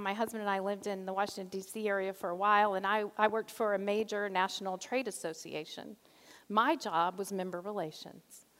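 Middle-aged church lady preaching, telling a story straight and earnest, big echoey auditorium. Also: a little high. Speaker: church local missions leader. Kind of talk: sermon-style teaching talk. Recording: long reverb of a large hall.

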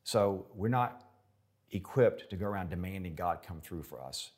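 A man's voice: deep voice, animated, moderate pace, a little mellow. A male pastor preaching a sermon in an emphatic style, repeating words for effect.

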